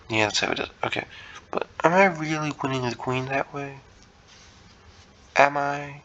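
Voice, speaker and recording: A man's voice: medium pitch, moderate pace, a bit bright, highs cut off, slight background noise. A man giving casual think-aloud commentary while solving puzzles, muttering to himself, hesitant and self-correcting. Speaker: chess content creator.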